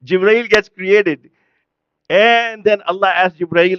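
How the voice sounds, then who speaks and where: A man's voice: high-pitched, normal speed, no echo, lo-fi sound. A man preaching an impassioned sermon at a mourning gathering. He fires off rhetorical questions and switches between English and Urdu.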